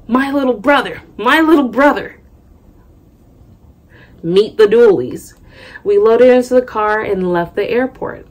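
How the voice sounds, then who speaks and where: A young woman reading a memoir aloud at home, breaking off for chatty asides. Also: on the low side. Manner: chatty, loose asides between read passages. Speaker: book reader and vlogger. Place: home room.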